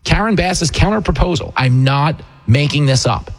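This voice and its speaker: A man hosting a talk show, ranting with sarcastic, animated, mocking political commentary. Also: a little high, normal speed. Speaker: radio host and comedian.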